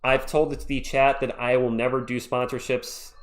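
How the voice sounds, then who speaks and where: A man hosting a live play-by-play stream, calling the action and chatting with viewers in an excitable, jokey way. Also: medium pitch, moderate pace. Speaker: livestream play-by-play host. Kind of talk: live play-by-play with chat reactions.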